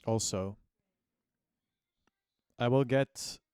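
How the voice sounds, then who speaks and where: A man's voice: medium pitch, very slow, darkish tone, smooth, no room sound, studio quality. A man streaming live and chatting casually, rambling along with plenty of self-mockery and offhand swearing.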